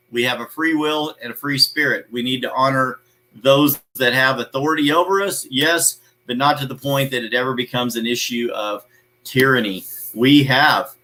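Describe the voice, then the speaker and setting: A man's voice: medium pitch, pushed and bright, rough recording. A man hosting a live motivational show, talking emphatically in a preachy way, repeating his key phrases and greeting viewers by name.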